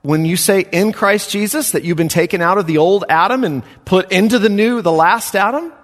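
Male pastor, fairly high voice, emphatic expository preaching, long hall reverb. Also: moderate pace. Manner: emphatic, lively preacher with soft chuckles. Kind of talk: expository sermon.

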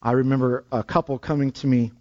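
A man's voice: medium pitch, little pitch movement, quick pace, mellow, dull audio. A man preaching a sermon, emphatic and repeating his key phrases for weight.

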